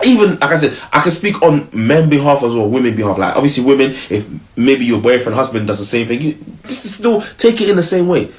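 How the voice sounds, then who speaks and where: A man's voice: medium pitch, big pitch swings, a little fast, few pauses. A man giving casual relationship advice, slangy and acting out both partners.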